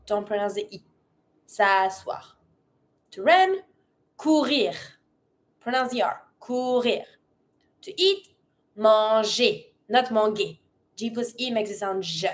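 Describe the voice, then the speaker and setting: A woman who is a native French speaker teaching a French lesson. She drills pronunciation carefully and switches between English and French. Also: high-pitched. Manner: energetic when demonstrating commands. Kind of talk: language lesson.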